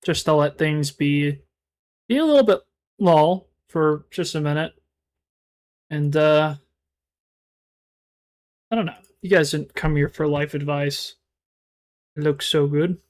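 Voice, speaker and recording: Male streamer, casual live chat, slightly higher voice, mumbly and rambling, lots of restarts. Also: takes it slowly, long pauses. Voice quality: mumbled, self-described monotone.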